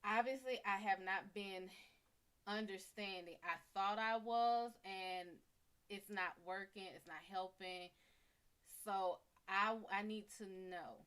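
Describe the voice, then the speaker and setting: A woman voicing a gentle, soft-spoken man calmly pleading with his partner. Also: medium pitch, unhurried, long pauses, close to an everyday voice.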